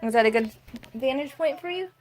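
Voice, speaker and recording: A woman's voice: high voice, lively intonation, fairly quick. A young woman filming a home vlog as a mother. She vents frankly about her day, then turns sweet and coaxing when she speaks to her child. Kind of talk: casual home vlog chat. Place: family home, indoors.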